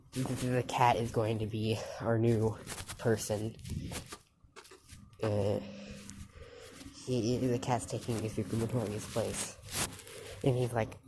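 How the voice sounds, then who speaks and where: A woman telling an improvised fan story in a halting, loose way, with quick quoted lines. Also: very deep voice, background noise.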